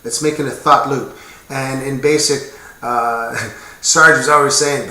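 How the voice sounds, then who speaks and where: A man in his fifties talks casually and earnestly to camera, rambling a little and dropping wry asides. His voice has a bright, forceful edge. The sound bounces around a roomy, echoey space. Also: medium pitch, fairly even intonation, slow pace. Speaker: military veteran sharing his experience. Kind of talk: casual explanatory talk to camera. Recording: echoey room.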